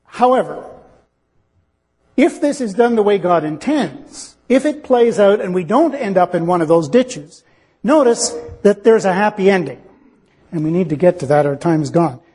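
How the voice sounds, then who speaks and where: Husky, high-voiced male preacher. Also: expressive, normal speed, mellow, long reverb tail. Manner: earnest, reasoning, acts out dialogue. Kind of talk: sermon.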